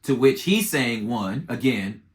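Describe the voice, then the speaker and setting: A man hosting a podcast who gives casual political commentary in slangy, animated storytelling and acts out both sides. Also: mid-range voice, a little slow. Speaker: podcast host.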